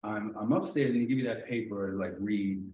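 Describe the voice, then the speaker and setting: A man telling a personal story during a training talk, casual and animated, often acting out the lines of the people in it. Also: on the low side, moderate pace. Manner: animated, acts out dialogue, often asks "you know what I'm saying". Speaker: executive director leading a training. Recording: roomy echo, mic at a distance, faint noise.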